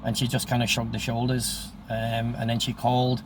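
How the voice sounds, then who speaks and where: A man's voice: medium pitch, completely flat delivery, normal speed, noisy background. A man in his sixties telling a story from his own life in a casual, blunt way, swearing often and repeating "I says" as he quotes people. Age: 60s.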